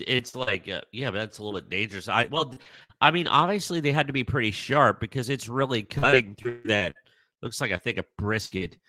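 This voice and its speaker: Slow, lively-voiced man chatting casually. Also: mid-range voice, no room sound. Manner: laughs often, playful. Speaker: podcast co-host. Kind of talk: casual chat.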